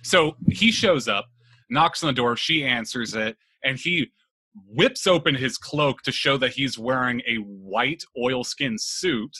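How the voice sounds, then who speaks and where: A man's voice: mid-range voice, lively intonation, unhurried, sharp tone, slightly rough, dry recording. A man hosting a casual chat, telling a spooky legend with jokes and swearing. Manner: joking, swears freely, laughs while telling. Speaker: podcast host telling a legend.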